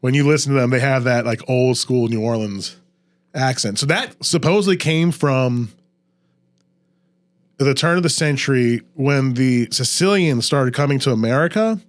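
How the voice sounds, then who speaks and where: Medium in pitch and at normal speed, this podcast host is a man from Louisiana. In a relaxed conversation, he goes on at length about the area's history and its pronunciations.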